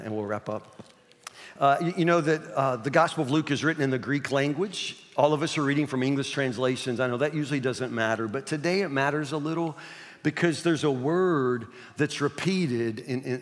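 A male pastor preaching a sermon in an earnest, emphatic way, repeating his key points. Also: mid-range voice. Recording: long hall reverb.

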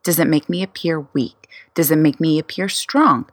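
A woman's voice: low-pitched, dry recording. A woman in her forties hosting a solo podcast, firing off candid, wry rhetorical questions about herself. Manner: self-questioning, rapid-fire rhetorical questions. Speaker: podcast host.

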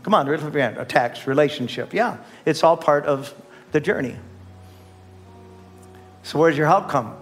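A man's voice: on the high side, normal speed, long pauses, faint music behind. An older man preaching a sermon as pastor, emphatic and repetitive, often calling on the congregation to respond. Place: church sanctuary.

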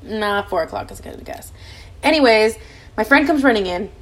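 Young female podcast host; rapid, lively, profane storytelling voice. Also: a little high. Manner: fast, animated, profanity-laden chatter. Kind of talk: casual storytelling.

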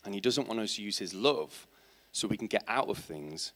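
A man's voice: on the low side, expressive, normal speed, fairly bright tone. A man preaching a sermon in church, asking his congregation rhetorical questions and building to emphatic, passionate points. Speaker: teacher.

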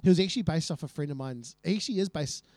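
A man with a New Zealand accent on a podcast, chatting casually with slow, mumbled, deadpan asides. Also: on the high side, no room sound. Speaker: podcast co-host. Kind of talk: casual chat.

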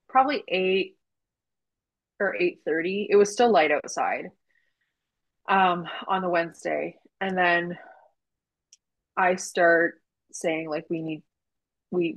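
A woman's voice: fairly low pitch, rough recording. A woman, a doula, telling a story in casual podcast chat, acting out quoted dialogue. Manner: animated retelling with quoted dialogue and laughs.

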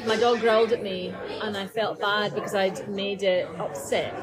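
A woman's voice: medium pitch, fairly even intonation, moderate pace, rough recording. A woman dog behaviourist co-hosting a podcast, chatty and thinking aloud as she talks. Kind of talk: casual conversational discussion. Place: busy coffee shop. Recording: loud cafe crowd behind.

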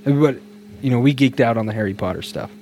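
A man's voice: mid-range voice, a little fast, a little mellow, a little hiss or hum. Chatty upbeat man on a podcast. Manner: chatty and upbeat, laughs often, many fillers. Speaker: podcast co-host. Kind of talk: casual podcast chat.

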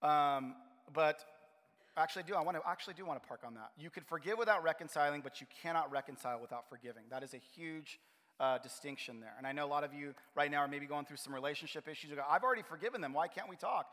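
A man preaching a sermon in a relaxed, conversational way, often restarting his phrases. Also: a little high, quick pace. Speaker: pastor. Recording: reverberant hall.

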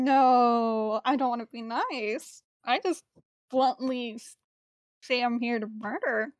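A woman's voice: a little high, slow pace, no room sound, muffled recording. A woman playing a tabletop role-playing game for the first time, unsure and apologetic as she asks about the rules. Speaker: new player. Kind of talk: casual tabletop gaming chat.

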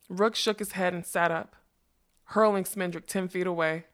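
Measured low-voiced woman narrator. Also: steady tone. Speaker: audiobook narrator. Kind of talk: fantasy novel reading.

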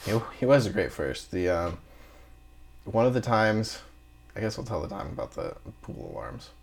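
Low-voiced man telling rambling sea stories. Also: sing-song, normal speed, creaky. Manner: rambling storyteller who acts out dialogue and laughs. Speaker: guest, marine engineer.

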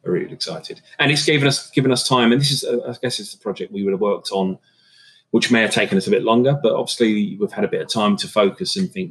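A man's voice: on the low side, quick pace, husky, poor audio. A middle-aged man, a catering business owner, chatting casually in an interview with lots of fillers and restarts. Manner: relaxed, rambling, many fillers and restarts.

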